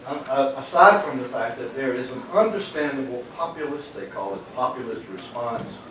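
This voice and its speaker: A man's voice: mid-range voice, animated, moderate pace, crowd noise. An older man giving an economics lecture to a live audience, folksy and anecdotal, with frequent fillers and questions put to the room. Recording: echoey lecture room from a distant mic, noisy.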